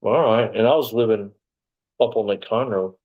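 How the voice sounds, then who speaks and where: A man's voice: on the low side, moderate pace, phone-quality sound. A middle-aged man, a former sheriff's deputy, recounting events in a casual interview, rambling and acting out the dialogue. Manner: rambling, animated retelling with quoted dialogue.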